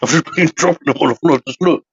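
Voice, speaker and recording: A man co-hosting a casual live podcast, joking and firing off teasing questions. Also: a little high. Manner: teasing, jokey, quick questions. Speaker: podcast co-host. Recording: slightly dull lo-fi audio.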